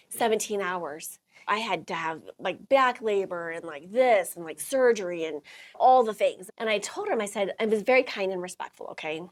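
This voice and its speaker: Husky, lively woman telling a story. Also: mid-range voice. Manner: lively, laughs often, acts out quotes. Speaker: host. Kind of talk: storytelling talk to a small audience.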